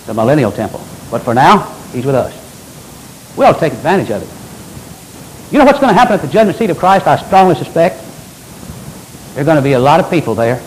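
An older man preaching a sermon as pastor, with animated delivery and folksy asides. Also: medium pitch, a little hiss or hum, rough recording.

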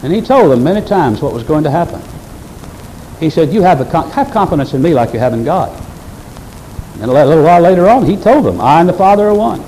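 A man's voice: on the high side, very animated, fast, pauses often, warm tone, slight background noise, poor audio. A male pastor preaching a sermon earnestly and emphatically, speaking straight to his congregation.

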